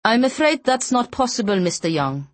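A woman's voice: fairly high pitch, sing-song, moderate pace, dry recording, pitched above the performer's own voice. A woman reading an audiobook voices a tall, formal and insistent blonde escort with a thick Norwegian accent, in a stiff commanding manner.

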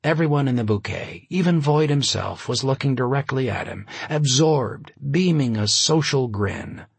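A man reading a novel aloud, a measured and expressive narration with a wry touch. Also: medium pitch, gravelly, breathy edge, no echo. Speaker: audiobook narrator. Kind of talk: scripted narration.

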